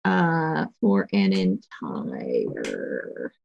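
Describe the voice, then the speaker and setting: A woman talks unhurriedly with a lively, swooping voice. She is wry and playful, joking about her dice rolls as a player. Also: very deep voice, drawn-out words, gravelly, dull audio. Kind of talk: tabletop game play.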